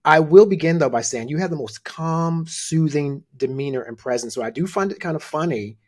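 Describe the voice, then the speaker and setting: A man's voice: a little high, expressive, fairly quick, darkish tone. A man hosting an interview show, talking in an enthusiastic, chatty way with many fillers. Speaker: host. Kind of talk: interview conversation.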